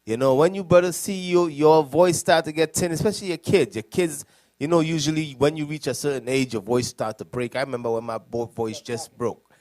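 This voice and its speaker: Laid-back higher-voiced man teaching. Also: fairly even intonation, fairly quick, darkish tone, dry recording. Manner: loose, conversational, laughs at his own jokes. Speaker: deacon. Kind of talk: classroom teaching.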